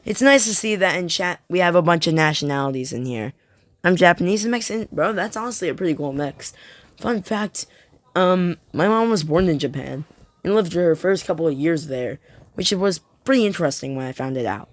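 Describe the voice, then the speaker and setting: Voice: medium pitch, lively intonation, fairly quick, no room sound. A streamer chatting casually and jokingly with viewers while playing a game, rambling from one topic to the next. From United States. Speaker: live streamer. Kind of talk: casual live-stream chat while gaming. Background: game music.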